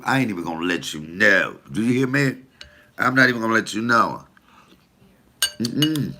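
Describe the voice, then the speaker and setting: Gravelly, bright-voiced man, blunt and profane. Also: mid-range voice. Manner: blunt, profane, preachy storytelling. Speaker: comedian. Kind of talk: casual monologue to camera.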